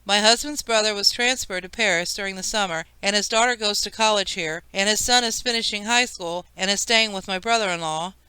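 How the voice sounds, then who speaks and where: A woman's voice: medium pitch, a little fast, few pauses, pushed and bright, clear, resonant tone, dry recording, natural voice, rough recording. A woman reading an audiobook, voicing a harried mother who is stern and overwhelmed. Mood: flustered.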